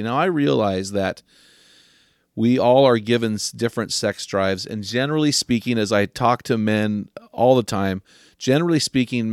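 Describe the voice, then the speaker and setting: A man's voice: mid-range voice, dry recording, clean studio sound. Earnest older man hosting a podcast. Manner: earnest, slows down to stress key questions. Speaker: podcast host. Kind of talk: earnest advice talk to men.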